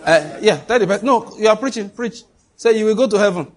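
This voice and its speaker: A middle-aged man, preaching a sermon to a congregation and leading call-and-response, animated and quick to laugh. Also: sits high, a faint crowd. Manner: animated, laughs often, shifts to quoted voices. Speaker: pastor. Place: church hall before a congregation.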